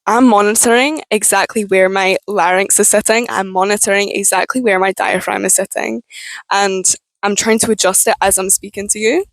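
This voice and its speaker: A woman's voice: mid-range voice, steady tone, no echo, poor audio. Frank young woman, strained voice. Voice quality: strained, tense voice. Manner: frank, swears freely, halting restarts. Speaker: vlogger. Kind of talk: candid personal talk to camera.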